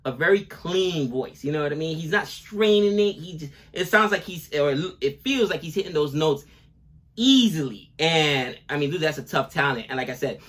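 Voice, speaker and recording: A man's voice: fairly high pitch, lively intonation, normal speed, a bit bright. A man in his forties chatting casually as a co-host of a music reaction video. He rambles and gushes, often checking in with "you know what I mean". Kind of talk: casual chat.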